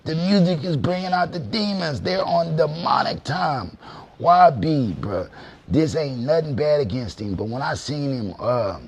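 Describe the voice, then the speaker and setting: A man's voice: a little high, expressive, a little slow, husky. A man giving a blunt, profane rant in street slang, repeating "you know what I mean" often. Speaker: commentator in a viral clip. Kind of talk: unfiltered rant.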